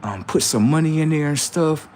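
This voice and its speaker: Man playing easygoing young man, casual, hesitant; slightly raised pitch. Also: moderate pace, darkish tone, a little hiss or hum, natural voice. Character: easygoing young man boasting about gifts.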